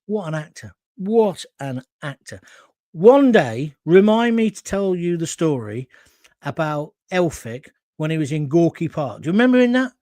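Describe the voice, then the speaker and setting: This live talk show host has a fairly high, sing-song voice with a mellow quality, speaking at a moderate pace. He reads out comments from viewers and wanders through anecdotes, recorded close-up with no room sound.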